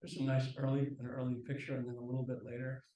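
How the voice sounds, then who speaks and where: A man giving a slideshow lecture at a university, relaxed and halting, with frequent ums and restarts. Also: mid-range voice. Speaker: guest lecturer. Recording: echoey lecture room from far off.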